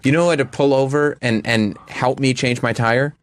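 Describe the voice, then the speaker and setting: A man hosting a radio talk show, chatting casually in a deadpan, self-mocking way. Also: mid-range voice, normal speed. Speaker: radio host.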